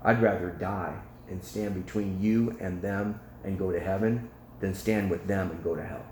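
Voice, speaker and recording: A man voicing a rough-living male prisoner, speaking low and subdued in an echoey room. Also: fairly even intonation, normal speed, a little mellow, slight background noise, lightly acted. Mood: urgent. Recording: echoey room, faint ambience.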